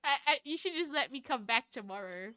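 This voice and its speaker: Giggly high-voiced woman streamer. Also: expressive, fairly quick, bright, forceful tone, slight background noise. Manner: giggly, chatty, addresses chat. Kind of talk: live game stream with read-aloud.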